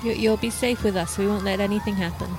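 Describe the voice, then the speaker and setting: Easygoing tabletop player, mid-pitched. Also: fairly even intonation, fast talker, background noise. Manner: easygoing, laughs often. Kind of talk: casual tabletop play.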